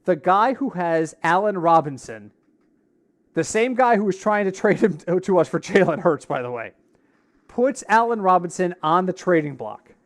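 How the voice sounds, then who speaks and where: In a casual podcast chat, this male co-host speaks at a moderate pace in a high-sitting, animated voice. His storytelling includes acting out the quoted dialogue of the people involved.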